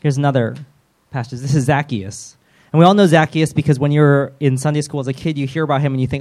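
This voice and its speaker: A man preaching a sermon in a lively, conversational way, with self-deprecating humor and quick role-played voices. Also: mid-range voice. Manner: animated, acts out voices of biblical figures.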